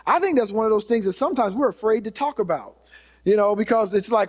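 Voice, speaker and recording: A man delivering a sermon with an earnest, conversational manner, circling back and restarting his phrases. His voice sits high for a man. The sound carries a long reverb tail, as if from a large hall. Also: quick pace. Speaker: preacher.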